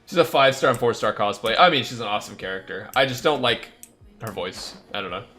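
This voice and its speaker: Male streamer, casual rambling gaming chat, crisp bright tone, candid opinions. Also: lowish voice, quick pace, faint music behind.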